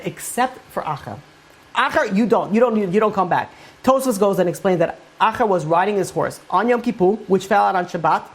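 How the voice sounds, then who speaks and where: A woman teaching a Torah lecture, telling stories in a lively way with many fillers and restarts. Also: mid-range voice.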